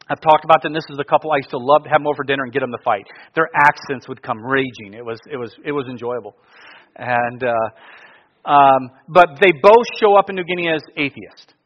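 A middle-aged male pastor telling stories in a sermon, jumping from loud bursts down to quiet, hushed asides. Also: sits high, lo-fi sound.

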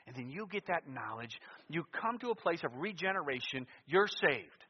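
A man preaching a sermon in a church, moving between loud emphatic lines and quiet asides. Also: a little high, very animated, normal speed, slightly rough. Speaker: pastor. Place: church sanctuary. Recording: muffled sound with long church reverb.

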